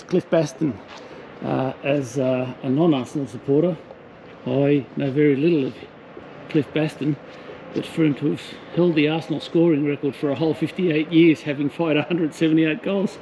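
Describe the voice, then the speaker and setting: Gravelly man on a walking tour. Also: fairly high pitch. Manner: chatty, anecdotal, hesitant with fillers. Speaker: vlogger touring a stadium. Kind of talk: casual walking-tour commentary. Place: outdoors around a city stadium. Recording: noisy outdoor street recording.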